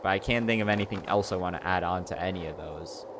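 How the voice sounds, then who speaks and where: A man's voice: low voice, quick pace, background noise. A young man chatting casually on a livestream, rambling and filling his talk with "like" and "you know". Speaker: streamer.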